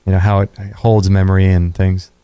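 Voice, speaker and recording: A man hosting a radio talk show, relaxed and rambling with restarts. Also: sits low, brisk, clear, resonant tone, dry recording. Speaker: podcast host. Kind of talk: casual chat.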